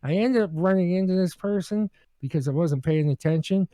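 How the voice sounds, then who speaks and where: High-voiced man telling a halting story. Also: a little hiss or hum. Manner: halting, with many restarts and fillers; animated when acting out quotes. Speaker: regular co-host telling a story. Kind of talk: casual podcast chat.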